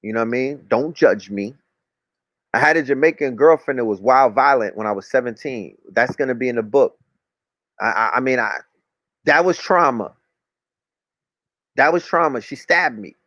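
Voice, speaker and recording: A man's voice: medium pitch, normal speed, long pauses, fairly bright tone, dry recording. A man, talking as a podcast guest in a rambling, casual way, full of street slang and cursing. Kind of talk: casual chat. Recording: dull, dry lo-fi recording.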